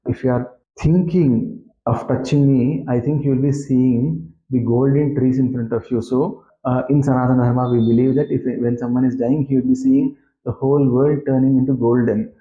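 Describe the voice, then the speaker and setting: A man reads scripture verses and explains them in a relaxed, casual way, pausing often with fillers. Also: mid-range voice, roomy sound, muffled recording. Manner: chants Sanskrit verses, then paraphrases in English with many fillers.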